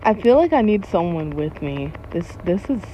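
A woman's voice: lowish voice, big pitch swings, moderate pace, mellow, a little hiss or hum. Jittery giggling woman gaming YouTuber. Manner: jumpy, giggly, frequent startled exclamations. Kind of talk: casual gameplay commentary.

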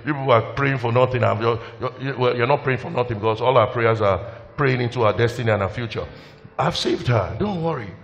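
A man voicing a calm, reassuring angel who speaks in an offhand, matter-of-fact way, in a sermon. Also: medium pitch, brisk, muffled recording, close to an everyday voice. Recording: long hall reverb, faint music.

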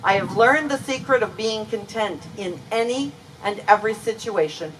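A woman pastor preaching a sermon in a church, earnest and emphatic, leaning on key words. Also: mid-range voice. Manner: earnest, emphatic preaching with slow deliberate stresses. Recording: voice from a distance with faint ambient noise.

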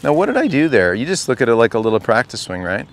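A man's voice: medium pitch, very animated, quick pace, a little hiss or hum. A man coaching a group at a golf clinic, talking casually and asking the group question after question. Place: outdoor golf practice range.

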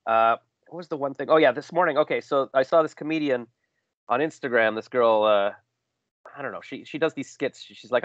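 A man's voice: medium pitch, fairly even intonation, fast, fairly bright tone, dry recording. A chatty man hosts a casual interview, rambling and poking fun at himself. His voice sits mid-range and sounds dry and close. The call audio is dull and lo-fi. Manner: chatty, self-deprecating, rambling with restarts. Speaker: podcast host.

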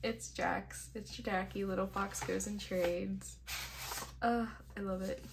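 Slow-talking nasal young woman vlogger. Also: mid-range voice, steady tone, gravelly, background noise. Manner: chatty, gushing and profane. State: sleep-deprived. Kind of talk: casual mail unboxing chat.

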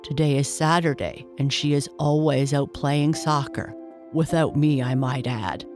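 A woman's voice: deep voice, steady tone, unhurried, darkish tone, soft background music. A woman doing a big friendly storybook dog. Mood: kindly.

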